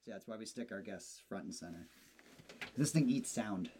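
A man's voice: lowish voice, lively intonation, moderate pace, loud music behind the voice. Man with a teasing, bantering style. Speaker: podcast co-host. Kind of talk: casual chat.

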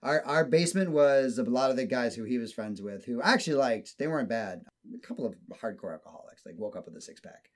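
Guy telling a rambly profane story, mid pitch, acts out the quotes. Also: animated, fast. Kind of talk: casual storytelling chat.

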